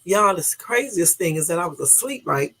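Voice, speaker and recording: A woman's voice: lowish voice, expressive, moderate pace, bright, forceful tone, breathy edge. A woman with a Southern US accent hosting a casual early-morning live stream, chatty and loose, in a groggy morning voice. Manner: chatty, loose, talks to chat viewers. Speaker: YouTube live host.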